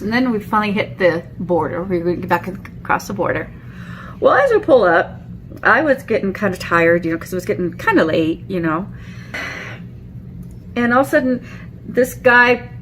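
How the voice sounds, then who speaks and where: A woman's voice: medium pitch, a bit bright, slight background noise. A middle-aged woman vlogger telling a personal story in a chatty way, with many fillers and restarts, acting out the quotes. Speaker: beauty vlogger. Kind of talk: casual storytelling.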